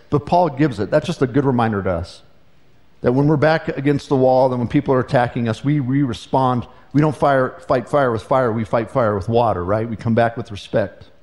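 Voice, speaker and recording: This sermon comes from a pastor whose voice is medium-pitched and a little mellow. His delivery is heartfelt and chatty, and he often starts phrases over.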